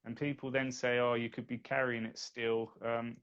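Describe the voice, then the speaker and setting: Gravelly-voiced man telling a story. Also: medium pitch, little pitch movement, moderate pace, fairly bright tone. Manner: recounts events plainly, quotes others. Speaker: guest. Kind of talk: casual podcast chat, storytelling. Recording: dull lo-fi audio.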